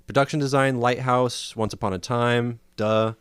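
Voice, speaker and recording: A man hosting a casual film-review chat, laid-back and hesitant, filling pauses with ums and uhs. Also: mid-range voice, steady tone, clean tone, dry recording. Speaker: podcast host.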